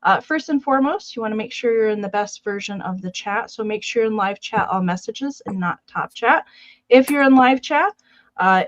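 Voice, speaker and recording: A woman's voice: medium pitch, dull audio. A woman co-hosting a live vintage sale in casual chat, greeting viewers by name and walking through the steps with many fillers.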